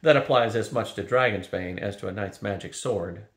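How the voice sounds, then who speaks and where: A man's voice: on the low side, normal speed, lightly acted. An older man reading as Kazul, a wise ailing dragon. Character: ailing old female dragon, calm and wise. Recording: roomy echo.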